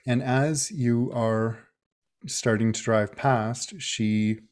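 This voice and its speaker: Slow, hesitant man game master. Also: medium pitch, steady tone, darkish tone. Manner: hesitant, many fillers. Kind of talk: narrating a tabletop game.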